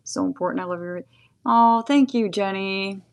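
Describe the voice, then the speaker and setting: A woman's voice: mid-range voice, normal speed, smooth. A woman in her forties chatting casually through a live tarot reading, often laughing and thanking viewers. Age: 40s. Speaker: tarot reader.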